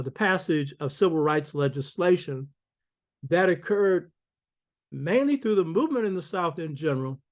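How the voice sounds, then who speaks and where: Older male lecturer, emphatic preacherly delivery, slightly high-pitched voice. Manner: preacherly, emphatic, calls out "you hear me?". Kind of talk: public lecture.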